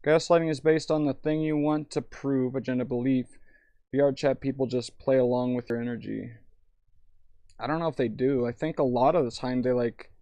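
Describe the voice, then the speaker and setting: Tipsy young male streamer, gravelly, loose and profane, reads chat aloud. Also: mid-range voice, fairly even intonation, moderate pace, mellow, no room sound. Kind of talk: rambling live-stream chat.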